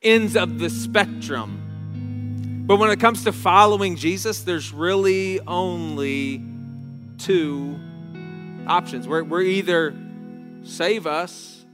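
A man preaching a sermon in an earnest, unhurried way, often stumbling over a phrase and starting again. His voice sits a little high for a man. It rings out with a long echo, and faint guitar plays underneath. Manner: earnest, halting restarts, slows down on key words. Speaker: pastor.

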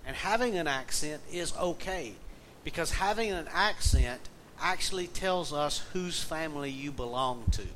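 A man's voice: fairly high pitch, animated, moderate pace, a bit bright, poor audio. A middle-aged man with a Southern accent preaching a conversational sermon, telling a folksy family story and reading scripture aloud. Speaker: pastor. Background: faint air conditioner hum.

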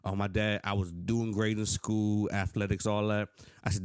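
Earnest low-voiced man telling stories. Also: a little fast, clear, resonant tone, no room sound, clean studio sound. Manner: earnest, animated storytelling, rising pitch when frustrated. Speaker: podcast co-host. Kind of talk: casual conversation.

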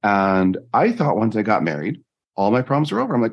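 Husky, animated man telling his story. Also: brisk. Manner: earnest, animated storytelling with jumps in pitch. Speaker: life coach and podcaster. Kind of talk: conversational interview storytelling.

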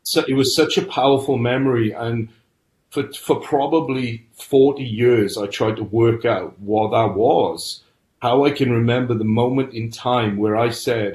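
A man's voice: mid-range voice, fairly even intonation, a little slow, a little mellow. A middle-aged man earnestly telling his personal story as a podcast guest. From United Kingdom. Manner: earnest storytelling, frequent restarts. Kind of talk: personal testimony. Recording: roomy echo.

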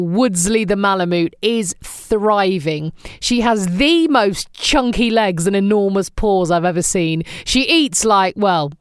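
A woman's voice: mid-range voice, clear, resonant tone, no echo, studio quality. A woman with an English accent, hosting a podcast in chatty, wry, humorous scripted storytelling. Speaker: podcast host.

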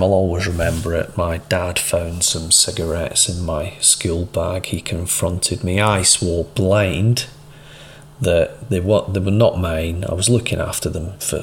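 Low-voiced man hosting a podcast. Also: fairly even intonation, creaky. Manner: measured, conversational, with small restarts. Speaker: podcast host. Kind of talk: instructive monologue and anecdote.

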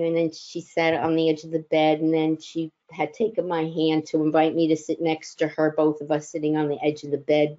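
Woman chaplain, reflective storyteller, unhurried delivery, warm dark tone. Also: fairly low pitch, lo-fi sound. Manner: slow, gentle, reflective with filler pauses. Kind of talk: personal storytelling talk.

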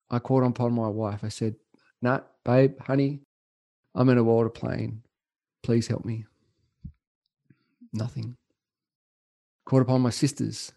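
A man telling a personal story as a podcast guest, earnest and emotional, with reflective pauses. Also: mid-range voice, vocal fry, dark tone. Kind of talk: storytelling interview.

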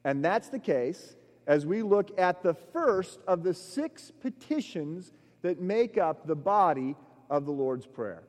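A man's voice: high-pitched, expressive, slow, a little mellow. A middle-aged man preaching a sermon. He tells stories with frequent "uh" fillers and builds his emphasis as he goes. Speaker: pastor. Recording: long echoey hall reverb.

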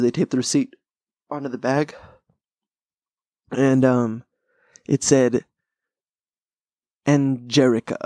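A man's voice: mid-range voice, darkish tone, no room sound. A young man hosting a podcast, chatting casually in a rambling, profane way, laughing often. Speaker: podcast host. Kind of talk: casual chat.

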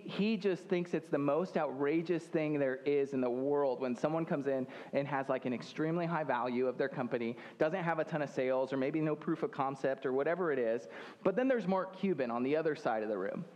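A man's voice: a little high, a little mellow. A young man preaching a sermon in a church, in a loose and joking way, with many fillers and restarts. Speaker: pastor.

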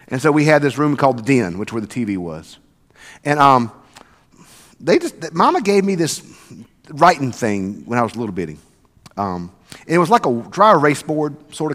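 A man preaching a sermon as pastor, swinging from loud emphatic passages to soft near-whispers. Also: mid-range voice, big-room sound. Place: church sanctuary.

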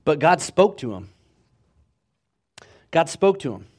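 A man delivers a sermon with a fairly high voice and an animated, swinging delivery. He acts out the quotes in his story, moving between loud, urgent bursts and hushed passages. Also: takes it slowly. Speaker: preacher.

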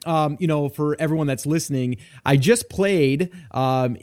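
Upbeat male podcast host, higher voice. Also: moderate pace, a little mellow, clean tone. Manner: upbeat, laughs easily. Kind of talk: casual podcast hosting.

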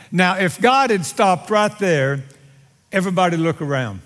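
A man preaching a sermon to his congregation, with a dramatic, drawn-out delivery and wry humor aimed at his listeners. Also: expressive, fairly bright tone. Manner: dramatic, drawn-out delivery with bold swings in pitch and volume. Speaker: pastor. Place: church sanctuary. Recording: long hall reverb from a large sanctuary.

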